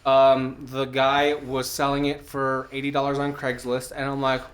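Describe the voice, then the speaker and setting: A man talking loosely on a podcast in a mid-pitched voice, neither high nor low. He wanders through a story, restarting his sentences, dropping in curse words and filling pauses with "um." It sounds like easy, unscripted chat among friends. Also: completely flat delivery. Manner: rambling storyteller, loose and profane. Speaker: podcast co-host. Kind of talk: casual chat.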